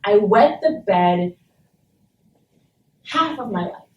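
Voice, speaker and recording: A woman's voice: mid-range voice, expressive, takes it slowly. Blunt woman telling her story in a roomy classroom. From Saint Thomas, US Virgin Islands. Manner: blunt and emphatic, swears freely. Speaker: guest speaker. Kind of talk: personal story told to a class. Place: university classroom. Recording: roomy and distant, faint background noise.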